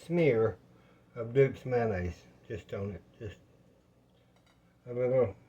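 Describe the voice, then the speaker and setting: A man's voice: medium pitch, slow pace, highs cut off. A man, chatting in a folksy, rambling way to his viewers while he cooks in his home kitchen. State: out of breath. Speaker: home cooking vlogger. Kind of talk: casual cooking talk to viewers.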